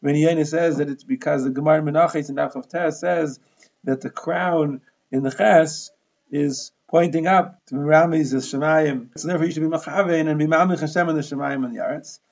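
Gravelly man explaining a Talmud lesson. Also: a little high, brisk, highs cut off. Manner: steady, methodical explaining, Hebrew and Aramaic terms mixed into English. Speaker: Talmud teacher.

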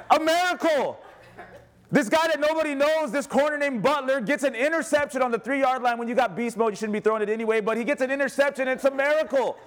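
A man in his thirties preaching a sermon as pastor, telling stories with laughs and acted-out dialogue. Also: very high voice. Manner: storytelling with laughs and quoted dialogue.

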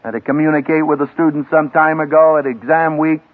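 A man preaching with dramatic emphasis, his fairly high voice leaping up and dropping low for effect. It comes through a thin, tinny archival radio recording. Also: fairly even intonation, fast. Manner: dramatic, emphatic delivery with wide swings in pitch and loudness. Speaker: seminary professor preaching. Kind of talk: sermon to a graduating class.

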